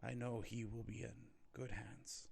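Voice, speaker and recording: A man playing his character in a tabletop game, speaking earnestly and measured. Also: medium pitch, little pitch movement, gravelly, darkish tone. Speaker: player.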